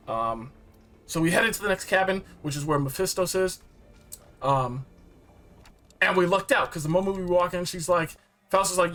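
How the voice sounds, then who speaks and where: A man with a high, bright voice tells a game's story in a loose, excited ramble. He is slangy and full of fillers and quick asides. Soft music plays faintly underneath. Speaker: game reviewer. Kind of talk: casual storytelling recap.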